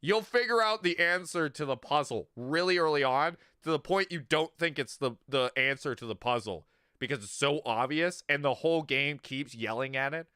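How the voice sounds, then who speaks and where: A man's voice: fairly high pitch, normal speed, sharp tone, clean tone, no room sound, clean studio sound. A man streaming, ranting animatedly and profanely about a video game. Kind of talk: ranting livestream commentary.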